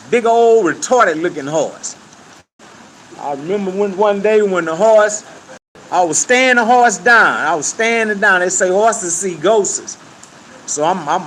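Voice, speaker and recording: A middle-aged man, telling stories in a casual, profane, animated way and laughing often. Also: high voice, a little hiss or hum, low-quality recording. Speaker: interview guest. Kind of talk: casual storytelling.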